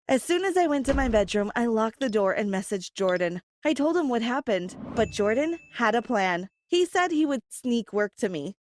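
A woman's voice: on the high side, big pitch swings, moderate pace, few pauses. A woman narrating a first-person story in an earnest, plain storytelling manner.

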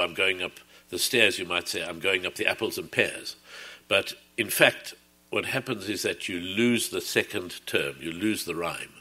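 Deep, bright-toned man explaining thoughtfully. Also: slightly rough. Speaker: artist describing his work. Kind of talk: reflective talk.

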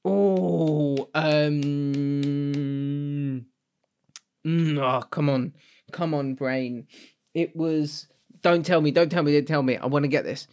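Animated man, laughing podcast co-host. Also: takes it slowly, pauses often. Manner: animated, laughs often, pitch jumps when outraged. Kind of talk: casual chat.

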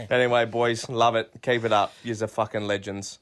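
A man's voice: medium pitch, flat delivery, moderate pace. An Australian man leaving a jokey, crude voicemail, telling a childhood story. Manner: crude, jokey yarn-spinning. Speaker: caller.

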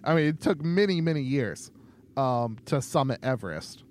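A man co-hosting a casual podcast, talking in a halting way with many ums and restarts. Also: medium pitch, expressive, a little hiss or hum. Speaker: podcast co-host.

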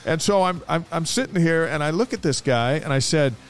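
A man co-hosting a casual sports podcast, telling anecdotes in a lively way. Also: fairly high pitch, brisk, faint music behind. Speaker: podcast co-host. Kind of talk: casual sports chat and storytelling.

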